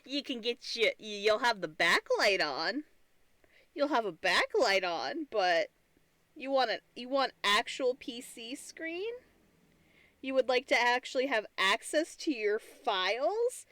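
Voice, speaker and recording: A woman's voice: a little high, very animated, slow, sharp tone, no room sound, voice pushed up, heavily acted. A woman voicing her resentful old home computer in a put-on foreign accent, with broken, indignant phrasing. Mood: taunting. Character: resentful aging home computer, proud and wounded.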